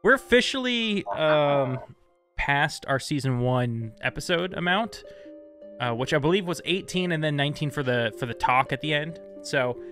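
A man's voice: a little high, animated, normal speed, a bit bright, faint music behind. A man hosting a tabletop game stream, chatty and joking, often apologizing as he introduces the players. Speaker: host. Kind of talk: casual stream chat.

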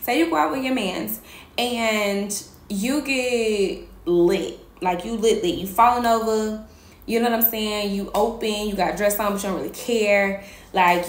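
A woman talking casually about faith as host, animated and slangy, laughing often. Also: medium pitch, echoey room. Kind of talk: casual faith talk to camera.

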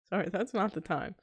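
A woman's voice: mid-range voice, slight background noise. Exasperated young woman streaming a game. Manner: exasperated, talks to chat, outbursts of disbelief. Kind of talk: live gameplay commentary.

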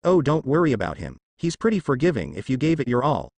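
A man's voice: medium pitch, wildly swooping pitch, fast talker, creaky, darkish tone, full character voice. A man reading the lines of a cheerful, clumsy teenage girl ninja in a fan fiction story, in nearly his own voice. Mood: easygoing.

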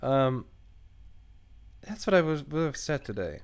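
A man's voice: medium pitch, very animated, unhurried, gravelly. A man playing a chat-based game, reading the dialogue aloud and cutting in with sarcastic, crude asides. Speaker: let's play gamer. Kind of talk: casual let's play commentary. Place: at home at a computer.

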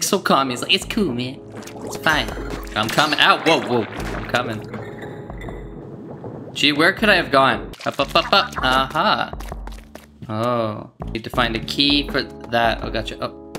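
A gaming video creator commentating their own play, reacting with yelps, groans and quick outbursts. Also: medium pitch. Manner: excitable, yelps and groans at game events. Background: game music.

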